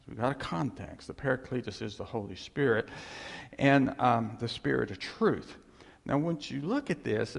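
A man preaching with a husky, gravelly voice whose pitch swings widely as he presses his points. He talks in a conversational way and keeps asking his listeners questions. His voice carries a long reverb from a large hall. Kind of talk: sermon.

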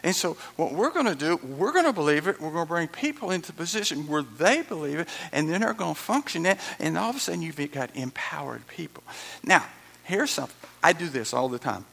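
Lively, gravelly preacher man. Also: fairly high pitch, fairly quick. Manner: emphatic and repetitive, with dramatic asides. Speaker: pastor. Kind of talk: sermon.

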